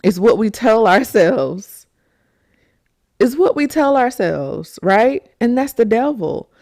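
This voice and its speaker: A woman's voice: a little high, takes it slowly, dry recording, clean studio sound. A young woman hosting a faith podcast, talking emphatically and acting out the people in her stories. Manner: animated, emphatic storytelling with acted-out quotes. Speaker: podcast host. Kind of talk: faith talk monologue.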